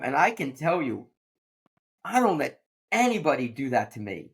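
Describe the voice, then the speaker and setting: A man's voice: mid-range voice, very animated, moderate pace, creaky, fairly bright tone. A man hosting a podcast, a teacher who talks in a blunt, plain-spoken way during casual conversation. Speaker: podcast host.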